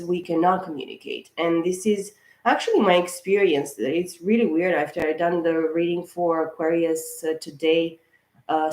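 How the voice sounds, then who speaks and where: A tarot reader who hosts her own channel gives a casual astrology reading to camera in an echoey room. Her voice is on the low side and a little mellow. She's chatty and rambling, keeps saying "of course" and "guys," and gets worked up.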